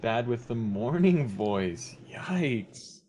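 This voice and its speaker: A man's voice: medium pitch, lively intonation, very slow, a little mellow, slight background noise. A young man chatting on a live game stream, teasing and giggling gleefully. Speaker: streamer friend. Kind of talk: casual game-stream chat.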